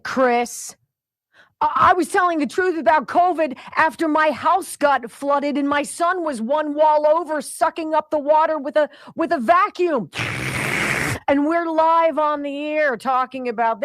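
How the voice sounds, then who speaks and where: A woman's voice: high-pitched, unhurried, no echo. A woman hosting a talk radio show, giving indignant, opinionated commentary and addressing people directly.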